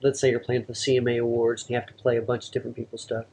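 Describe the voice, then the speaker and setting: A man's voice: medium pitch, monotone, rapid-fire, creaky, darkish tone, a little hiss or hum. Easygoing male podcast interviewer. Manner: brief backchannel replies, easygoing questions. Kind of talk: casual interview questions.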